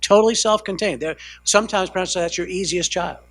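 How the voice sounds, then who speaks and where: Speaking fast in a voice that sits high and a bit bright, this American counselor teaches a family training session as a lecture before a live audience. His style is conversational, with frequent "right?" check-ins and mid-sentence self-corrections. There's no room sound.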